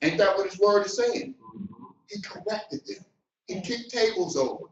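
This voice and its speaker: A middle-aged man giving a motivational business talk, animated and preacher-like, swinging between loud and soft. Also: high voice, normal speed. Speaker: business coach. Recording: roomy, distant, dull sound.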